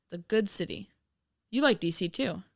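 A woman from the United States co-hosting a casual movie commentary podcast, sarcastic and animated, laughing often. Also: mid-range voice, normal speed, vocal fry, dry recording, studio quality. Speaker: podcast co-host.

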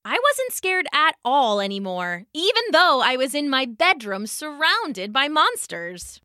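Bright, expressive woman storyteller. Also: sits high, unhurried, no echo, studio quality. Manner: gentle, expressive. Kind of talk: children's story narration.

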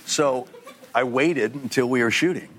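A middle-aged man sits as a guest on a studio talk show and spins an animated anecdote, slipping into other people's voices as he goes. His pitch sits in a plain middle range, and laughter keeps breaking through the telling. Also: normal speed. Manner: lively storyteller, acts out voices, laughs often. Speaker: guest actor.

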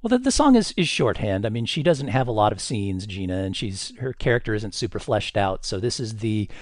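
Wry, lively man on a podcast. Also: on the low side, brisk, no room sound, clean studio sound. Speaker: podcast panelist. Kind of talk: casual film discussion.

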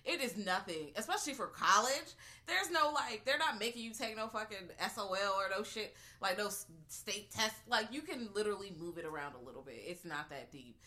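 A woman's voice: mid-range voice, animated, a little fast, few pauses, pushed and bright. A woman co-hosting a podcast, a teacher, talking bluntly and profanely in casual chat. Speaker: podcast co-host.

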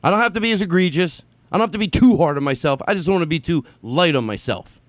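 A man giving an unscripted personal monologue, rambling with stammered restarts and blunt swearing, swinging from quiet musing to loud impassioned ranting. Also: on the high side, animated, fast talker, no room sound.

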